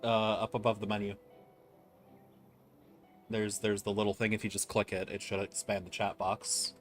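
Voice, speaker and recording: A man's voice: fairly low pitch, level tone, moderate pace, soft background music. A man chatting casually while guiding a friend through a co-op game, patiently explaining mechanics step by step. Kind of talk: casual gameplay chat.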